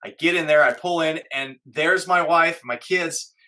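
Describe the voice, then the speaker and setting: This middle-aged man, a guest in an interview, earnestly relates a painful chapter of his life and acts out what was running through his head at the time. He has a fairly high, bright voice with a touch of tension and talks at a moderate pace.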